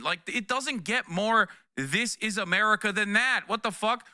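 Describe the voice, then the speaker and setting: Male streamer, thirties, heated political rant, profane and exasperated, very bright forceful tone, slightly high voice. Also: clear, resonant tone, no echo, clean studio sound. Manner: profane, exasperated, rapid rants with repeated "okay?". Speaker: streamer reacting to news.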